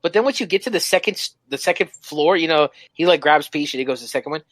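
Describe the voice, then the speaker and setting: Man, podcast host, excitable, swearing, slightly high voice, dry close recording. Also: quick pace, dry recording. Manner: excitable, swears, laughs a lot. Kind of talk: casual podcast chat.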